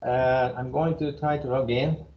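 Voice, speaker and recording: A Japanese-accented engineering professor in his fifties lectures a class with a mid-range, fairly even, slightly slow voice, blunt and joking and chuckling between remarks. The room is reverberant, and the recording sounds somewhat dull and muffled.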